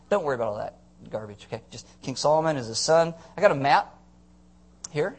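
A man's voice: on the high side, expressive, fast talker. A man preaching a teaching sermon to a congregation, playful and jokey, often checking that listeners are following. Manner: playful, jokey asides, audience check-ins. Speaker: pastor.

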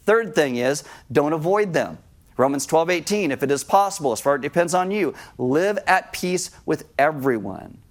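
A man with a somewhat high voice preaches a sermon to his congregation. He talks with them in a conversational way and turns lively when he acts out a scene. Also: normal speed. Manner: conversational, addresses congregation directly. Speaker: pastor.

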